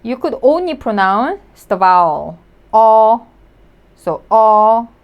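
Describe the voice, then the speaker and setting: A woman's voice: fairly high pitch, very animated, takes it slowly, lo-fi sound. A woman teaching vocabulary in English, sounding out each syllable and repeating every word. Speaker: Korean language teacher. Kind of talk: slow, clear vocabulary lesson.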